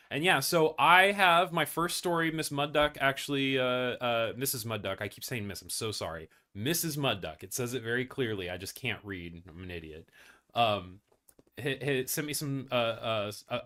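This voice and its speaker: Bright-voiced man rambling through a news stream. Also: lowish voice. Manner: rambling, self-deprecating, many fillers and restarts. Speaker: news livestream host. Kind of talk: casual news livestream commentary.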